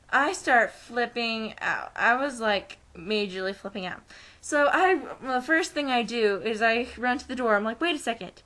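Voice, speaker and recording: Bright-voiced young woman telling a story. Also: a little high. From United States. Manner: animated, acts out quoted voices. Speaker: vlogger. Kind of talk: casual storytelling.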